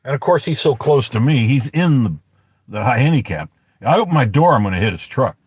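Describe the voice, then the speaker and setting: A man's voice: mid-range voice, lively intonation, fairly quick, husky, no echo. A man telling a story in a profane, angry, rambling rant from inside a parked car. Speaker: vlogger. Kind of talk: ranting storytelling vlog.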